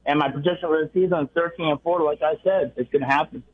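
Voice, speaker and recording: A man's voice: fairly high pitch, fast talker. A man calling in to a sports radio show, cocky and brushing off the host's teasing. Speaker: caller. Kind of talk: call-in chat. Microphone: phone. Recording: tinny phone line.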